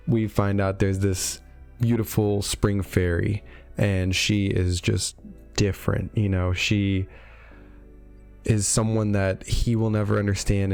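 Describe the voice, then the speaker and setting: A man's voice: deep voice, gravelly, a little mellow. A man casually recapping a game story for his video, with wry, sarcastic jokes and lots of fillers. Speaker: video host reviewing game lore. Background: faint background music.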